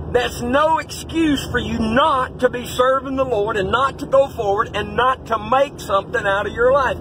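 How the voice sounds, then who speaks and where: A middle-aged male pastor, giving a fiery, folksy pep talk that rises to shouts. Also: high-pitched, animated, moderate pace, few pauses, background noise. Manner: folksy, blunt, rising to shouts.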